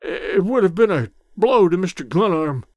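A man's voice: sits high, lively intonation, normal speed, a little mellow, no echo. A man voicing a loyal old male house servant who talks formally and deferentially. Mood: mournful. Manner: formal, deferential, saying sir.

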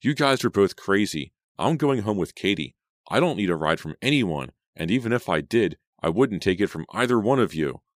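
A man reading an audiobook, voicing a sharp, exasperated teenage girl. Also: on the low side, expressive, moderate pace, no room sound, studio quality, pitched above the performer's own voice, lightly acted. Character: teenage girl Selena, an actress. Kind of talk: audiobook character voice.

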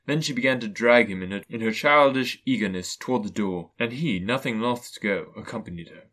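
A man narrating a classic storybook in a measured, even reading. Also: medium pitch. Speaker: audiobook narrator.

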